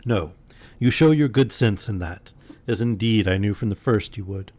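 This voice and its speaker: A man's voice: fairly low pitch, moderate pace, a little mellow, dry recording, lightly acted. A man reading aloud and voicing a cold, scheming older moneylender, cool and dismissive.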